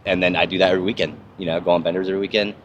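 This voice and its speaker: A young man with a very low voice, swearing freely and rambling through stories in a casual podcast chat. His talk is loose, full of fillers and restarts, over a faint ambient hiss. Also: level tone, racing, highs cut off. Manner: profane, rambling storyteller. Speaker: podcast host, army veteran. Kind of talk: casual conversation.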